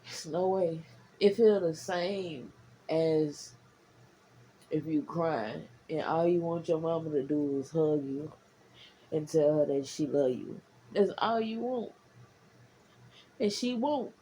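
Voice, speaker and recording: A woman talking casually to her followers, rambling and repeating herself. She swings from low murmurs to heated, profane bursts. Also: slow pace, pauses often, dark tone, a little hiss or hum, rough recording. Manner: frank and profane. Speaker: vlogger.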